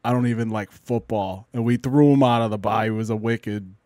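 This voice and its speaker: A man's voice: lowish voice, steady tone, fairly quick, dark tone, no echo, clean studio sound, close to an everyday voice. A man voicing a rowdy, foul-mouthed Boston bar guy with a thick Boston accent and a brash, swaggering manner.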